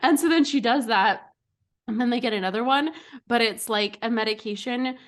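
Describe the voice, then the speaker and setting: A woman's voice: fairly high pitch, normal speed. Young woman, podcast co-host, laughs through her jokes. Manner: giggly, acts out silly voices mid-story. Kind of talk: casual chat.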